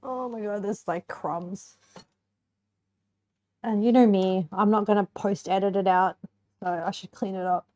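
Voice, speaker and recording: Chatting with her chat while she eats, a young woman streamer bakes and samples a pie, giggling at times. She speaks unhurriedly in a steady, mellow, medium-pitched voice, leaving long pauses.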